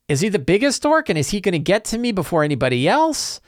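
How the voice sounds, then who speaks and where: Animated middle-aged man, lively pitch. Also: dry recording, studio quality. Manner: animated, acts out player and game master lines in quick asides. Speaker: talk show host. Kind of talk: solo casual talk about tabletop games.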